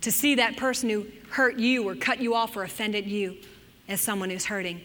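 A woman teaching a sermon to a group of women, animated and dramatic, acting out anxious and angry voices. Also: mid-range voice, normal speed, in a large hall.

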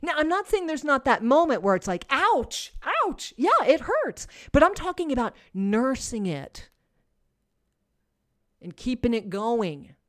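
This sermon comes from a woman whose slightly high voice has a sing-song quality. Earnest and emphatic, she alternates quiet, slow stretches with louder, forceful bursts.

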